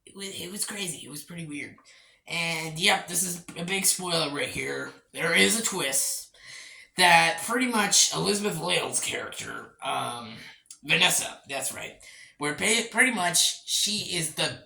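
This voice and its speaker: A rambling reviewer with a gravelly, bright voice talks through a movie in a loose, casual way. The pitch moves a lot as they repeat themselves and trip over words. The sound carries the echo of a bare room. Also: lively intonation, a little slow. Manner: rambling, repeats itself, restarts phrases, swears and laughs often.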